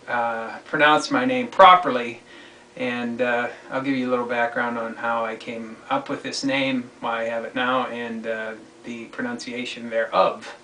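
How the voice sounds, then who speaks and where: A man hosting his own online commentary show, talking alone in a halting, deliberate way. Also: medium pitch, bright, forceful tone. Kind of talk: solo spoken monologue. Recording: echoey room, distant mic, faint noise.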